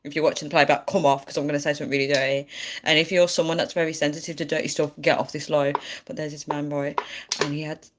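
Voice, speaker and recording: A woman's voice: low-pitched, flat delivery, quick pace, noisy background. Chatty woman live streaming. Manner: giggly, chatty, reads out viewer comments. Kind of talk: casual live stream chat.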